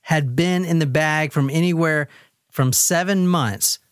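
A woman hosting and telling a true-crime case in casual chat, expressive and laughing often. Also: low-pitched, unhurried, dry recording, studio quality. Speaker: host.

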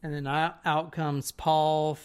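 Brief: casual podcast storyteller, mid-pitched voice, rambling and profane, keeps asking "right?". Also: level tone, slow pace, smooth. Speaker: podcast co-host telling a story.

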